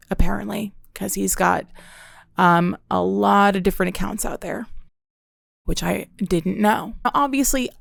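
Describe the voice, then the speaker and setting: A young woman hosting a podcast, telling stories in a chatty, self-deprecating way with deadpan humor. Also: mid-range voice, gravelly, smooth, dry recording, clean studio sound. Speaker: podcast host. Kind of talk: casual storytelling chat.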